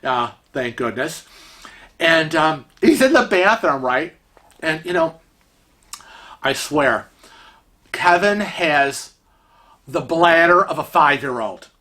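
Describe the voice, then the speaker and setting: Brief: bright, high-pitched male vlogger, chatty and rambling. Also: slow, pauses often. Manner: animated, rambling, many fillers. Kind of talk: casual storytelling.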